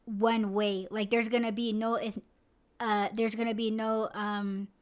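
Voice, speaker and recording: A woman's voice: fairly high pitch, little pitch movement, measured pace. Rambling, cussing woman podcast host. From United States. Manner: rambling, profane, lots of "like" fillers. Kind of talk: casual chat.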